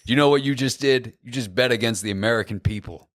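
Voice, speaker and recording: A man doing an impression of a gruff, menacing American film star with a soft edge to the rough voice. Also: mid-range voice, fast talker, no room sound, voice pushed up, natural voice. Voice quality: gruff with some softness.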